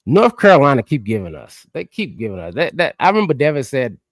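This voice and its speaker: A man co-hosting a sports podcast, ranting excitably and swinging between loud outbursts and quiet asides. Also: medium pitch, fast talker, no room sound, clean studio sound. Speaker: podcast co-host. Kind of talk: animated sports podcast chat.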